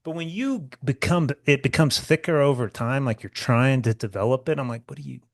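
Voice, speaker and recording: A podcast co-host with a faint Southern drawl that shows on certain words. He rambles and presses his points with blunt, profane emphasis, in a mid-pitched voice. The room is dry and close. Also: expressive, normal speed, no room sound. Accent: slight Southern US drawl. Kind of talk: casual podcast banter.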